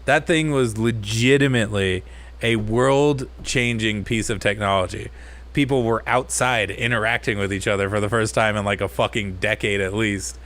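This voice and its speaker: A man co-hosting a casual podcast, ranting in an animated way and swearing a lot. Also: fairly low pitch, normal speed. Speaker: podcast co-host.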